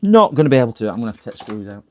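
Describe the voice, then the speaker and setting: A man's voice: medium pitch, sing-song, racing, dark tone, a little hiss or hum. A man chatting on a live repair stream, muttering to himself as he works and poking fun at his own mistakes. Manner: chatty, muttering while working, self-mocking.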